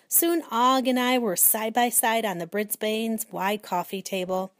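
A woman narrating a children's storybook aloud in a clear, steady reading voice. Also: a little high, a little slow, few pauses, dry recording, clean studio sound. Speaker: audiobook reader.

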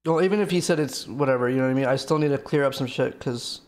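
A man's voice: mid-range voice, quick pace, a little mellow. A man streaming live and chatting with his viewers, rambling and venting with lots of fillers and swearing. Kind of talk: casual chat to stream viewers.

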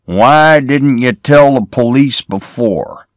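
A man reading the lines of a middle-aged small-town sheriff who questions people in a measured way. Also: mid-range voice, dry recording, clean studio sound, pitched above the performer's own voice, close to an everyday voice. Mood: questioning.

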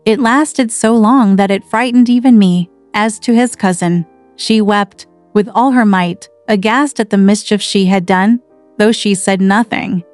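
A woman reading a classic novel aloud in a measured, even storytelling manner. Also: mid-range voice, no echo. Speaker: audiobook narrator. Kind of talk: literary narration. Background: faint background music.

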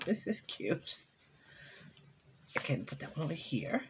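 A woman's voice: fairly high pitch, very animated, measured pace, pauses often, darkish tone, lo-fi sound, slight background noise. A woman vlogging casually at home as she opens holiday cards and crafting mail, chatty and exclaiming over each one. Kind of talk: casual chat while opening mail.

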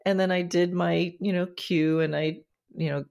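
A woman's voice: lowish voice, fairly even intonation, normal speed, gravelly, darkish tone. A woman hosting a podcast interview, talking in an enthusiastic, casual way with many fillers and restarts. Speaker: podcast host.

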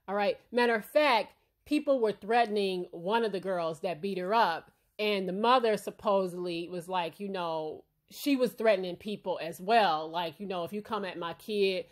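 A woman who is a parent hosting a casual opinion commentary, talking bluntly and emphatically and often checking in with her listeners. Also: mid-range voice. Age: adult parent. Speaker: commentary channel host.

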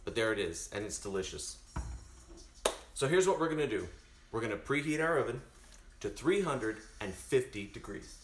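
A man's voice: medium pitch, lively intonation, moderate pace, long pauses, echoey room, a little hiss or hum. A man chatting to his viewers while cooking live in his home kitchen. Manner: chatty, talks straight to viewers. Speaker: cooking stream host. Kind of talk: casual live cooking stream.

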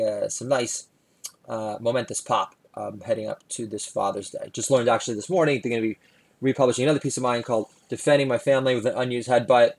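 A man's voice: mid-range voice, darkish tone. A male comedian delivering a sarcastic, rambling comedy monologue full of asides.

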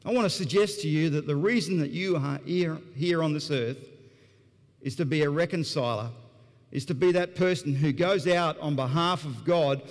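Australian pastor, higher voice, in a reverberant hall. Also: male voice, moderate pace. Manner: earnest, animated storyteller who chuckles along. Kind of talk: sermon with storytelling. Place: church auditorium.

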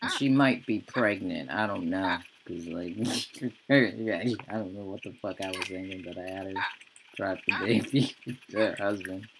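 A woman's voice: a bass voice, unhurried, noisy background. A woman hosting a let's-play, giving profane, exasperated gameplay commentary and ranting at the game. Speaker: gaming channel host.

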